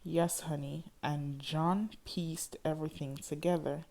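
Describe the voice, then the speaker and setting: A woman reading as a low, slow apologetic man. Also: fairly even intonation, slight background noise. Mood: explaining. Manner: soft, pleading delivery. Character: adult man, apologetic and tender lover.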